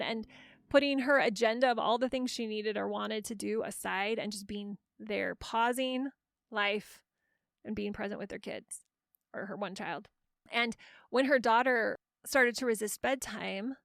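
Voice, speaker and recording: A woman's voice: a little high, gravelly, no room sound, studio quality. A middle-aged woman hosting a parenting podcast, explaining her method in an encouraging coaching tone with frequent restarts. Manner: warm coaching tone with many restarts. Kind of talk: solo podcast teaching.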